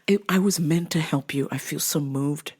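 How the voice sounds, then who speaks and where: A woman voicing a sweet, earnest young woman who gushes softly and eagerly offers help. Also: deep voice, normal speed. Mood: moved. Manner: soft, gushing, eager to please.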